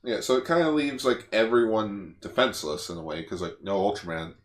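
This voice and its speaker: Man, fairly low voice, animated casual chat, podcast co-host, echoey room. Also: brisk. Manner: animated retelling, lots of fillers.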